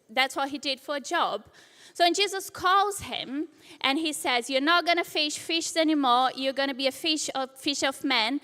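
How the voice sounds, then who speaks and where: A woman delivers a sermon, retelling scripture as a story and voicing the lines of its figures. Her voice sits high and bright. A long reverb trails her words in a church hall. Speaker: preacher.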